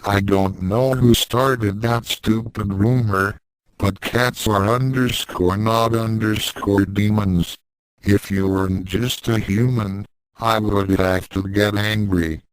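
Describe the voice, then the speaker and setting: A man's voice: lowish voice, fairly even intonation, takes it slowly, slight background noise, low-quality recording. A man reading fan fiction aloud and voicing a sarcastic, mind-reading invisible cat with a dry, mocking manner. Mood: condescending.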